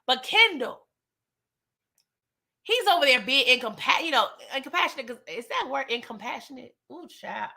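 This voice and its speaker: A woman hosting a casual TV recap and review. She is animated and slangy, and talks straight to her viewers. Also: high-pitched, moderate pace, vocal fry. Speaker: TV recap host.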